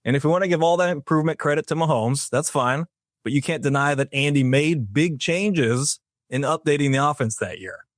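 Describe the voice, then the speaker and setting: A man's voice: fairly high pitch, brisk, dry recording. A man co-hosting a sports podcast, laying out an argument in a dry, methodical way. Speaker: podcast co-host. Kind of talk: sports opinion monologue.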